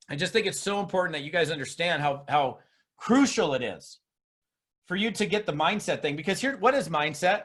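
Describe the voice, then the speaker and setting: High-voiced emphatic man giving a seminar. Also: fairly bright tone. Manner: emphatic, with mocking put-on voices. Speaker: network marketing speaker. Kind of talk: motivational seminar talk.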